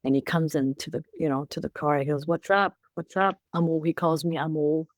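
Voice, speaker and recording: A woman's voice: low voice, fairly even intonation, brisk, no echo. An older woman, a co-parenting coach, telling personal stories in an emotional, repetitive way as a podcast guest. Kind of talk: casual interview chat.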